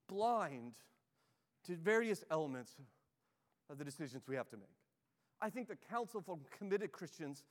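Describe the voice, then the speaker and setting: A male pastor delivering a sermon in a conversational way, his voice sitting high for a man. He often repeats words and checks in with the listeners. The sound carries a long church reverb. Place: church sanctuary.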